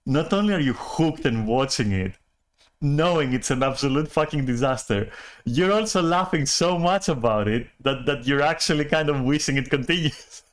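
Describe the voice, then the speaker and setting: Man, casual monologue, rambling, keeps saying sorry, laughs often, swears, average pitch. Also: lively intonation, moderate pace. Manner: keeps apologizing and laughing, swears, restarts a lot. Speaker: channel host.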